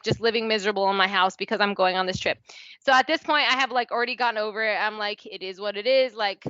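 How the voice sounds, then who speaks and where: A young woman with a bright, forceful and fairly high voice tells a personal story on a podcast. She talks in a candid, chatty way, full of "like" and swearing, and slips into the voices of the people in her story. The recording is dry and a little dull. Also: dry recording. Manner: chatty and candid, peppers speech with "like" and swearing, acts out quoted dialogue. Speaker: podcast guest. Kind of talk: casual storytelling in a podcast interview.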